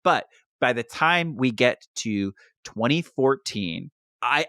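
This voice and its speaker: A man co-hosting a podcast, telling a story with lively, quoted voices in casual chat. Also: medium pitch, no room sound, clean studio sound. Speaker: podcast co-host.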